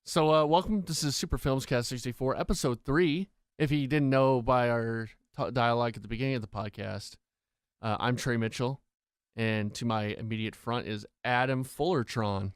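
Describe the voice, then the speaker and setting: A man's voice: mid-range voice, normal speed, clean tone, no echo. A young man co-hosting a podcast, chatting casually with playful, mock-grand repetition. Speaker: podcast co-host. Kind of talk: casual joking chat.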